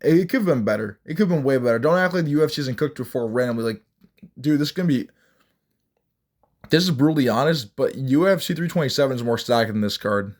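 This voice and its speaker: A young man vlogs casual, ranting MMA commentary, bluntly mocking the fights in a rambling way and restarting his sentences often. His medium-pitched voice is fast and expressive.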